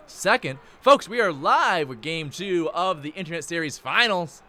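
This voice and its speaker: A young man announcing live play-by-play, punchy, excitable and energetic, jumping all over the place. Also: mid-range voice.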